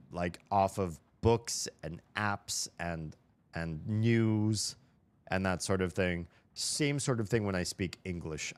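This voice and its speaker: Low-voiced rambling American male streamer. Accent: neutral General American. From United States. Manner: chatty, rambling, thinks aloud with restarts. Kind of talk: casual livestream chat while gaming.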